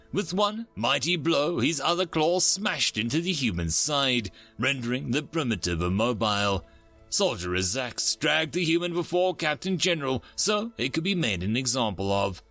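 A man's voice: mid-range voice, sing-song, normal speed, bright, forceful tone, faint music behind. A man narrating a dramatic sci-fi story with varied emphasis.

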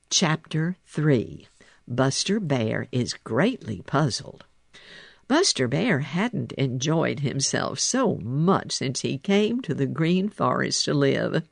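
Man, storybook narrator, slow, gravelly, lively intonation, dry close sound. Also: on the high side, dry recording. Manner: expressive, animated storytelling. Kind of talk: storybook reading.

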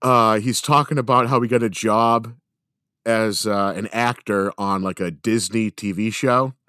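A man's voice: fairly low pitch, fairly even intonation, unhurried, pushed and bright, no echo, studio quality. A man in casual chat on a podcast, rambling through a story with lots of fillers and swearing.

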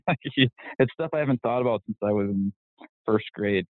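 A man's voice: medium pitch, animated, fast talker, dry recording. A man chatting as a podcast guest, rambling and self-deprecating, laughing often. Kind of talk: casual interview chat. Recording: tinny phone-like line.

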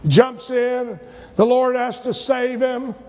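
High-voiced preacher in an echoing hall. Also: male voice, fairly even intonation, slow. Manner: storytelling, acting out scripture voices, rising to shouts. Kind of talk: sermon. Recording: long hall reverb.

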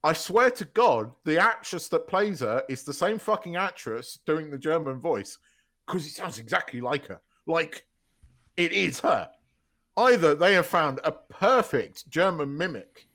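A man co-hosting a casual podcast who tells stories with big laughs and plenty of swearing. His pitch swoops and bounces as he talks. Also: normal speed. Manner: animated storyteller, swears freely, laughs loudly mid-story. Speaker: podcast co-host. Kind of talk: casual chat.

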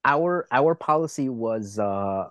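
A man chats loosely on a movie podcast, wandering through tangents and dropping the occasional curse. His voice sits mid-pitch and sounds dry and close to the mic. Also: lively intonation, takes it slowly, fairly bright tone, no room sound. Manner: rambling, swears, laughs at own jokes. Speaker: podcast co-host. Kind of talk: casual movie podcast chat.

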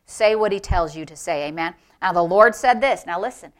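A woman pastor preaching a sermon, emphatic and building to shouts, calling out to the congregation for responses. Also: fairly low pitch, expressive, normal speed.

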